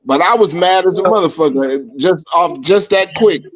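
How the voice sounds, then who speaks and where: A man hosting a podcast, talking in casual chat and telling stories in a profane, animated way, acting out what people said. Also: high-pitched, moderate pace. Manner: animated, profane, acts out quotes. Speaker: podcast host. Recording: dull lo-fi stream audio.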